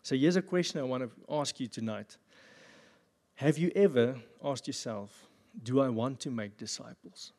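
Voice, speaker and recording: A man pastor giving a sermon at a church service, with jokey, animated asides. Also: medium pitch, normal speed. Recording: long reverb of a church hall.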